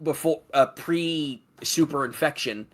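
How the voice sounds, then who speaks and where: A man with a fairly high-pitched voice speaks a little slowly while co-hosting a stream. He's the stream's moderator and co-host, and he voices strong opinions about a video game and swears freely.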